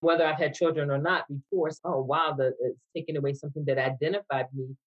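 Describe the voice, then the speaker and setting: A woman's voice: deep voice, steady tone, fast, husky, lo-fi sound. A woman who is a podcast guest, thinking aloud in a hesitant, reflective way during casual conversation.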